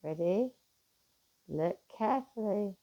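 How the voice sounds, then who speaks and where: A middle-aged woman chatting casually to camera, animated and swearing freely, swinging from loud bursts to hushed asides. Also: medium pitch, takes it slowly, lo-fi sound. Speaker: vlogger.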